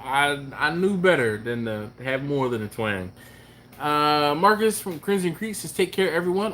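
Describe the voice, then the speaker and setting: A man's voice: mid-range voice, a bit bright, slight background noise. Chuckling, laid-back live-stream host, a man. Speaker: barbecue channel host. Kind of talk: casual late-night live-stream chat, reading comments aloud.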